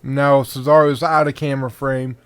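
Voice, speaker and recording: A man's voice: mid-range voice, little pitch movement, normal speed, smooth, no room sound. A sleepy man hosting a podcast, giving casual, rambling commentary on a match and swearing now and then. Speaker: podcast host.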